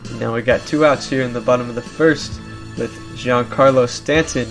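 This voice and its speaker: A young man giving casual play-by-play commentary over a video game baseball league, animated and climbing into shouts at big plays. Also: medium pitch, normal speed, soft background music.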